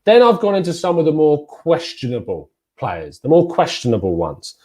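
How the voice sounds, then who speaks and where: Host: man, mellow low tone, rambling fan-commentary delivery, punchy on names. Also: moderate pace. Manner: chatty, rambling, lively emphasis on names. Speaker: football fan channel host.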